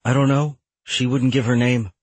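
A man voicing a polite young woman working in an office, hesitant and careful in a husky voice. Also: medium pitch, level tone, moderate pace, a little mellow, dry recording, voice pushed up, lightly acted.

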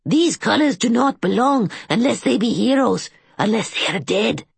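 A woman voicing a timid old male tomb caretaker who talks in a squeaky, quavering, desperate way. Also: expressive, moderate pace, vocal fry, breathy edge, dry recording, heavily acted.

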